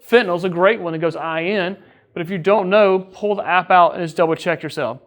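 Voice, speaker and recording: Higher-voiced man giving a casual training talk. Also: fairly quick, a bit bright. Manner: conversational, keeps checking in with "right?"; jokes with the crew. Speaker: EMS training officer.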